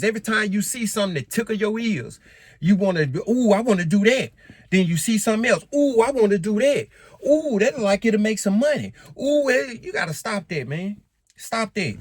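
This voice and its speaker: A man vlogging casually to camera in African American Vernacular English, animated and emphatic, often repeating himself. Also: on the high side, dry recording. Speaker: credit and finance vlogger.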